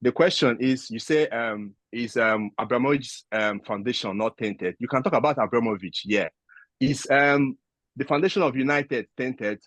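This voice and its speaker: A man's voice: medium pitch, moderate pace, fairly bright tone, dry recording. A man defending his club in a football debate, hesitant with many fillers. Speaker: guest pundit.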